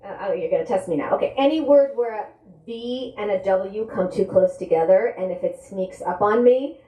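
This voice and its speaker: A middle-aged woman from the Soviet Union, an author telling lively, wry stories at a live bookstore event. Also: medium pitch. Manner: lively, brisk storytelling with wry humor. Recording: echoey room at a live event.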